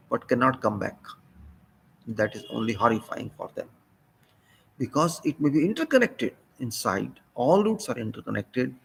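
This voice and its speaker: A man's voice: creaky, slightly rough, rough recording. A man with an Indian English accent giving a solo political talk, speaking emphatically and repeating his points. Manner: emphatic, repeats phrases, pitch jumps when stressing points. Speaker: commentator.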